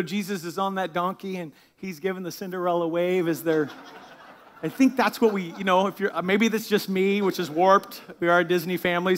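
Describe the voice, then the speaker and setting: High-voiced emphatic man preaching. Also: a bit bright. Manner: emphatic, building preacher delivery. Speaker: lead pastor. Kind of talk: sermon with opening prayer.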